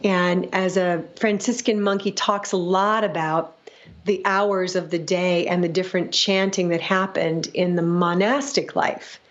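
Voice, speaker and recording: A woman's voice: on the low side, fairly even intonation, unhurried, dull audio. A woman in her fifties, a music and sound-healing teacher, answering questions in a reflective, teacherly way and often checking in with "right?".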